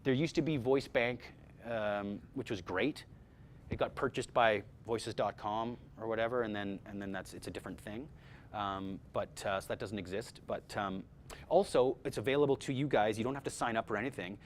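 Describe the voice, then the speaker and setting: A man's voice: on the low side, moderate pace, a little hiss or hum. A man teaching a voice-over workshop to a group, talking energetically with many fillers and repeated words. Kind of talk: casual workshop talk.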